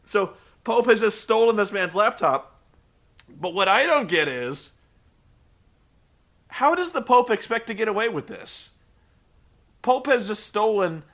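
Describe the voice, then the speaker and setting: A man recapping a show in a sarcastic, profane comedic style, acting out the people in it. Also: high-pitched. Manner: sarcastic, swearing, animated storytelling.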